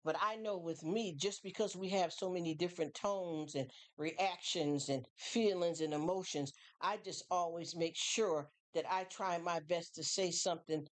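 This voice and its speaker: A woman with a somewhat low voice chats casually through a live stream monologue. She rambles and circles back, filling gaps with "you know" and restarting her sentences, like she is talking with a friend. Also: fairly even intonation, moderate pace, hardly any pauses. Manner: chatty, rambling, many fillers and restarts; acts out other people's voices in quotes.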